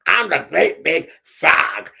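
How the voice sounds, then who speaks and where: A man's voice: fairly high pitch, big pitch swings, vocal fry, bright, forceful tone, voice pushed up, heavily acted. A man doing a bragging bully frog. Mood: boastful. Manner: slow, puffed-up bragging. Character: boastful bullying male frog.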